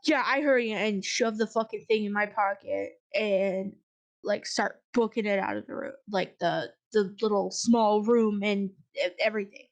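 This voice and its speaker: A woman's voice: mid-range voice, moderate pace. A woman speaking as a player in a tabletop role-play, chatty and hesitant, casually swearing.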